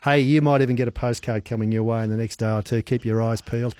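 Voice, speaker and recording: A man's voice: medium pitch, fairly even intonation, darkish tone, no echo, clean studio sound. A man hosting an evening radio quiz, chatting with callers in an upbeat, chummy way. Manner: upbeat, chummy, quick banter. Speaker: radio host. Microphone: studio microphone.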